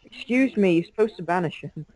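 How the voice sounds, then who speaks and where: High-voiced guy in a card duel, jokey, fake begging, voice jumps all over. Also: animated, brisk, darkish tone, no echo. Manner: joking, mock-pleading. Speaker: friend and opponent in a card game. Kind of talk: casual chat while playing a card game.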